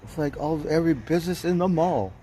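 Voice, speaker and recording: A man's voice: on the high side, quick pace, a little hiss or hum. A man livestreaming outdoors, telling a story in a casual, profane way, chuckling as he goes. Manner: profane, chuckling, animated retelling.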